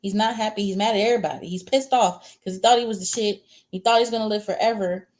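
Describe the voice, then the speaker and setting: A woman's voice: mid-range voice, fairly even intonation, fast, darkish tone. A woman giving a casual livestream tarot reading. She rambles, answers viewer comments, and talks bluntly and crudely, with frequent chuckles between remarks. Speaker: tarot reader.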